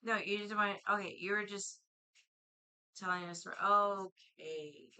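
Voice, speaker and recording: A woman's voice: medium pitch, fairly even intonation, measured pace, bright, forceful tone, clean tone, poor audio. Blunt, impatient woman livestreaming. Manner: blunt, impatient, swears a lot. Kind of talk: casual livestream chat.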